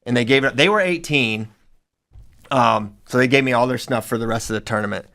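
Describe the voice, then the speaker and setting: A young man who coaches wrestling, chatting casually on a podcast and telling animated stories, laughing along as he talks. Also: medium pitch, fairly quick. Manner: animated storyteller, laughs through his own stories.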